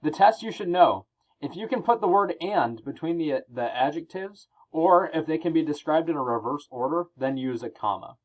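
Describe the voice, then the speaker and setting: A man's voice: a little high, lively intonation, dull audio. Man teaching a grammar lesson. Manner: explanatory, reads example sentences aloud with pauses. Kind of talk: recorded classroom grammar lesson.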